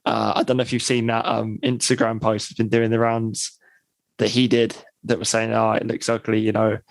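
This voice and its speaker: A man's voice: lowish voice, monotone, normal speed, vocal fry, dry recording, poor audio. A man co-hosting a podcast in casual chat, talking things through in thoughtful, longer runs. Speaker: podcast co-host.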